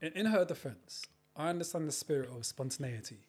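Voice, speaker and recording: A man's voice: on the high side, expressive, fairly quick, husky, faint music behind. A man co-hosting a podcast, talking earnestly and sympathetically with hesitant restarts. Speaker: podcast co-host. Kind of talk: casual banter.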